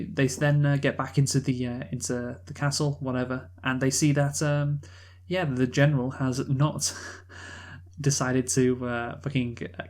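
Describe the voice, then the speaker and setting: A man co-hosting a film review podcast, talking in a rambling, casual way with many fillers and restarts, swearing now and then. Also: mid-range voice. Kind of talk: casual chat.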